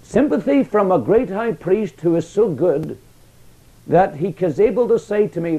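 Male preacher, sermon, mellow tone, slightly high voice, emphatic rises and hushed drops. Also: lively intonation, moderate pace, poor audio.

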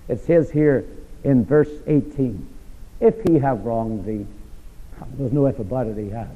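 A man preaching a sermon, throwing rhetorical questions at his listeners and swinging from loud emphasis to hushed asides. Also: mid-range voice. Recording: echoey hall over a tinny, phone-like line.

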